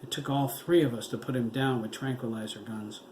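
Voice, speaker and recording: A man reading his own horror novel aloud in a slow, dramatic storytelling manner. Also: mid-range voice, steady tone. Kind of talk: audiobook narration. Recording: echoey room with faint background noise.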